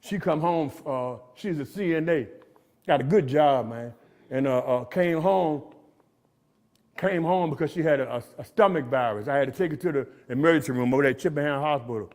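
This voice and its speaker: High-voiced streetwise man preaching recovery. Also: fairly quick, a little mellow. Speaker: recovery speaker. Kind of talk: testimony talk. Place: jail meeting room.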